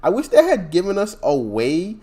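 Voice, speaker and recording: A man co-hosting a casual gaming podcast, animated and quick to laugh, sometimes losing his train of thought. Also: sits high. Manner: animated, laughs often, trails off mid-thought. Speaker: podcast co-host.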